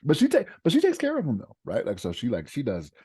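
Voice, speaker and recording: A male podcast co-host in lively casual chat, often checking in with his listener. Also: medium pitch, quick pace, breathy edge, no room sound, clean studio sound. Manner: lively, emphatic, keeps checking in with "you know what I mean".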